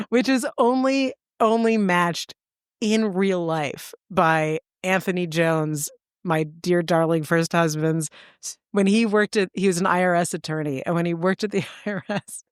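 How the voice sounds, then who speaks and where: In a casual podcast conversation, this co-host speaks in a lowish, clear, resonant voice at a slightly slow pace. She's a lively storyteller who laughs a lot and performs people's quotes, recorded at studio quality with no room sound.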